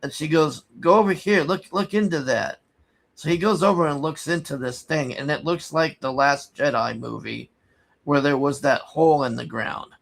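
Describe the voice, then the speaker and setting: A man casually recapping a movie plot, rambling and halting with many restarts, sighing in exasperation. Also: a little high, fairly even intonation, creaky. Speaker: movie reviewer.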